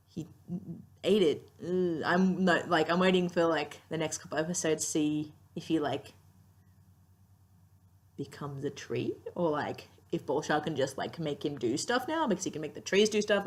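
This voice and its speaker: A young woman giving a casual, rambling TV review, chatty and gushing with lots of fillers, tired and yawning. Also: on the low side. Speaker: TV series reviewer.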